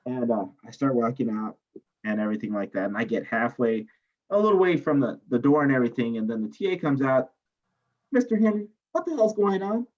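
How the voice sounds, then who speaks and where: A man teaching a chemistry class, telling a story from his student days with lively, animated energy and frequent checks of "right?" to the room. His voice sits at a middle pitch, and the recording is dull and a bit lo-fi, as if taken in a classroom. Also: fast. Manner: animated storyteller, asks "right?" often, swears. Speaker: chemistry instructor.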